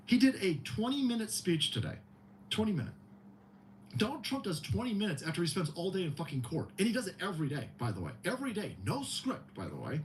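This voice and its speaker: Male host, profane mocking rant, high and animated. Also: quick pace, a little hiss or hum. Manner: mocking, heavy swearing, animated. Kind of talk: profane comedic rant on a livestream.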